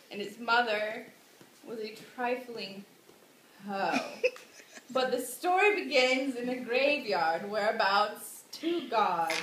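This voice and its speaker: Woman, high voice, rambling giggly storyteller; echoey room, faint hiss. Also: sharp tone. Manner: rambling, giggly, slow, with dramatic outbursts. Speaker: drunk storyteller. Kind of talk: tipsy comic retelling of a classic play.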